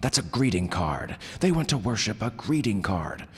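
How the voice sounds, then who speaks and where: A man voicing an ancient, fiery, bearded god who rumbles darkly and blusters with wounded pride. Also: sing-song, moderate pace, husky, in a large hall, heavily acted. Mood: indignant. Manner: rumbling, indignant.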